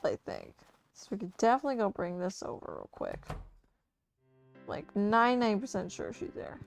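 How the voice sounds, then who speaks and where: A young woman gives casual gameplay commentary in a higher voice that swoops up and down, cursing freely as she talks to her chat. Soft game music plays underneath. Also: gravelly. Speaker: streamer.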